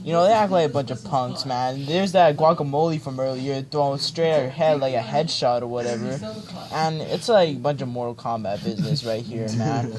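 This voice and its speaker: A man's voice: medium pitch, moderate pace, a crowd in the background. A young man mock-reading a children's storybook aloud, ad-libbing with laid-back slang and joking asides. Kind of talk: comedic ad-libbed storybook reading. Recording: friends chatting and laughing nearby.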